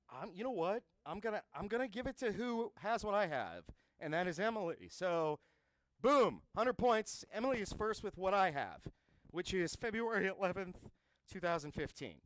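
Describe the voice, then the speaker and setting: A man hosts an online trivia game with a lively, bouncing voice pitched a little high. He chats and cracks jokes at his own expense between questions. The sound is dry and close, with no room around it. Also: moderate pace, no room sound. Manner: chatty, wisecracking, self-mocking. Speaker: trivia host. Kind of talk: live-streamed trivia hosting.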